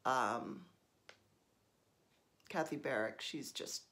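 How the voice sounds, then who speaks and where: A woman's voice: extremely low pitch, very slow, a bit bright, slight background noise. A middle-aged woman from New Jersey chatting casually while she stitches, rambling and poking fun at herself, with lots of ums. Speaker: stitching vlogger.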